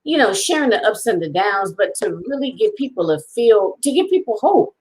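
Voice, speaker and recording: A woman's voice: mid-range voice, very animated, moderate pace, a little mellow, slightly rough, low-quality recording. A woman hosting a talk show, sounding moved and affirming after a guest's story. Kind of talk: casual chat.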